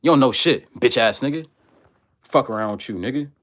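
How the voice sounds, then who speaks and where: A man hosting a livestream, reading viewer comments and ranting with loud, profane, repetitive insults. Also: mid-range voice, fairly quick.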